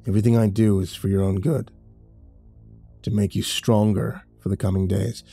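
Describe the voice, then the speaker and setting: A man voicing a stern, aging male priest mentor with a gravelly voice, low and commanding. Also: level tone, moderate pace, mellow, faint music behind. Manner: stern, commanding, dry chuckle.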